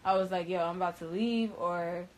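A woman's voice: steady tone, moderate pace, low-quality recording. Emphatic young woman telling a story. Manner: emphatic, slangy and profane, with frequent restarts; swings from loud and high to low and quiet. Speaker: storyteller recounting events. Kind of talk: casual storytelling to viewers.

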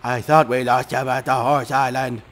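A man voicing a bold female ship captain from a child's story, yelling indignantly in a raised pitch. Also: flat delivery, normal speed, lightly acted.

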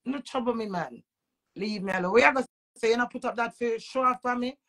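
A woman's voice: on the high side, fairly quick, a bit bright. A woman with a Jamaican accent, a vlogger delivering an agitated, repetitive emotional rant full of swearing.

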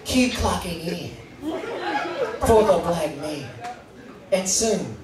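A grave older woman poet reciting in a slow, stately cadence, as a comedian puts her on. She sounds set back from the mic in a big echoing room. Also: high-pitched, lively intonation, far from the mic, over a noisy crowd, heavy background noise. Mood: solemn. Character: solemn poetic older woman reciting verse. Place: comedy stage in a live venue.

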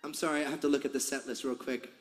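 A man's voice: mid-range voice, fairly even intonation, rapid-fire. Chatty man on stage in a big hall. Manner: chatty, laughing, rambling storyteller. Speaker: singer addressing a concert crowd. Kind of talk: onstage banter. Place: large concert venue on stage. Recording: live hall reverb, faint crowd noise.

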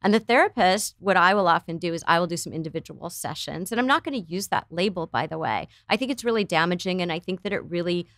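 The therapist, an earnest middle-aged woman from the United States, explains as a guest in a conversational interview and acts out quoted voices. She talks fast with few pauses, on the low side, with lively intonation and a fairly bright tone. The studio sound is clean with no echo.

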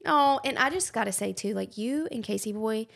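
A young woman, hosting a podcast in casual chat, gushing and animated. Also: a little high, moderate pace, creaky. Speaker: podcast host.

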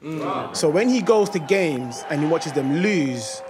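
A man's voice: a little high, expressive, unhurried, background noise. A young man with a London accent, telling a funny story to his friends on a podcast and laughing through it. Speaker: podcast co-host. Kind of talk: comedic storytelling.

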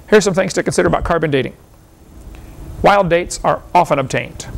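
Male seminar speaker, pitched a bit high, argumentative and folksy with a chuckle. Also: gravelly. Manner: folksy, argumentative, fires rhetorical questions, chuckles often. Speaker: seminar lecturer. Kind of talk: lecture to a live audience.

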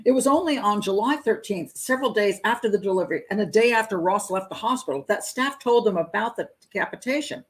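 A woman's voice: medium pitch, lively intonation, fast talker, hardly any pauses, low-quality recording. A middle-aged woman hosting a crime profiling show, reading a news story aloud with stumbles and her own asides. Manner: breaks into nervous laughter at grim details. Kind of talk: live patron hangout commentary.

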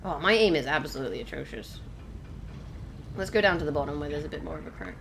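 Young woman, low-pitched but lively, chatty let's-play commentary over clearly audible game sound. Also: fast talker, background noise. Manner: chatty, exclaiming, addresses viewers. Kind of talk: casual gameplay commentary. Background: game ambience.

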